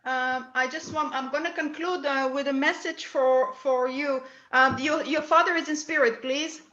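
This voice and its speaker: A high-voiced woman medium giving a reading at a service, her tone bright and edged. She talks haltingly, repeating words as she feels her way. The sound is roomy and a little dull, like a lo-fi room recording. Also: fairly even intonation. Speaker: psychic medium.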